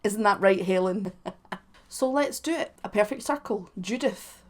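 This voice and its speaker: A woman hosting a music reaction vlog, talking casually in a playful, self-mocking way with sudden loud bursts. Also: mid-range voice, measured pace, a little hiss or hum.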